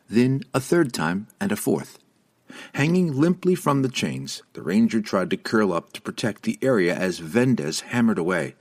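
A man narrating a fantasy audiobook with a dramatic, expressive reading. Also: fairly low pitch, breathy edge.

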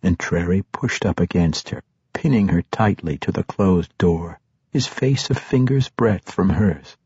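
Male narrator, husky, measured, close, dry sound, audiobook read. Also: low voice, no room sound. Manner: measured, steady reading. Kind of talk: scripted narration. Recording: dull, dry, muffled.

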